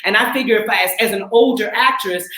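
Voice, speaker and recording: A woman in her forties from the Twin Cities, an actress and acting coach, talking casually and emphatically, sometimes laughing and rising into shouts. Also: medium pitch, fast talker, roomy sound, rough recording. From Twin Cities, Minnesota. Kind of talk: casual heartfelt talk.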